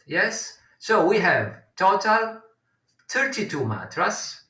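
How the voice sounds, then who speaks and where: A man leads a live konnakol rhythm lesson, counting beats aloud in a slow, unhurried way. His voice has a bright edge and sits a little away from the mic in a roomy space. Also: medium pitch, very animated. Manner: counting beats aloud, patient explaining with frequent fillers. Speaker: konnakol workshop teacher. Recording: roomy distant mic sound.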